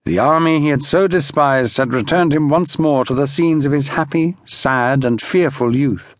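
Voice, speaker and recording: A man narrating an audiobook in a measured, expressive storytelling manner. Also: on the high side, no echo, clean studio sound.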